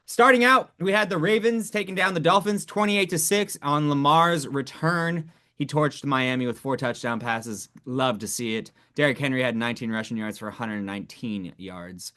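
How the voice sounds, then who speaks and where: A man co-hosting a sports podcast in a loose, laid-back chat. He laughs easily and drops casual swears as he tells stories. His voice sits at an ordinary middle pitch. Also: normal speed, pushed and bright. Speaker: podcast co-host.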